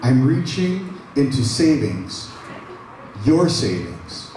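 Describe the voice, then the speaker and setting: A man with a Canadian accent, a pastor preaching a sermon, animated and casual as he reads scripture and retells it in plain words. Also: mid-range voice, takes it slowly, slight background noise. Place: large church hall. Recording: echoey hall, mic from far off.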